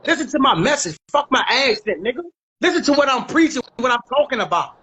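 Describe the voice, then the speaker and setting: A man's voice: very high voice, sing-song, fast, pushed and bright, slightly rough, poor audio. A man with a Washington, D.C. accent, speaking emphatically as an interview guest, repeating phrases and using heavy street slang. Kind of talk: casual interview talk.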